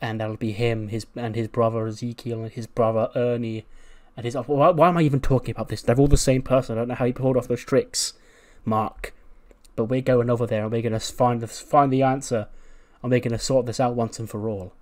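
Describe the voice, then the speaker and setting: A man voicing a calm, serious male wrestler explaining a challenge in a measured way. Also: mid-range voice, close to an everyday voice.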